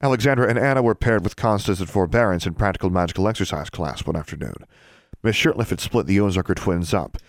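A man narrating an audiobook with calm storytelling. His voice sits low but moves expressively. The recording is dry and close. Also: dry recording.

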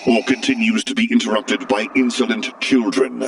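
A man voicing a stern, imposing armored dark lord, slow and booming, with a gravelly edge. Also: background noise.

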